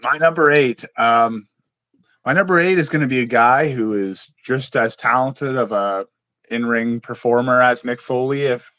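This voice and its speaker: A man's voice: mid-range voice, moderate pace, sharp tone, no echo. A young man co-hosting a podcast in casual chat, blunt and swearing freely. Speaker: podcast co-host.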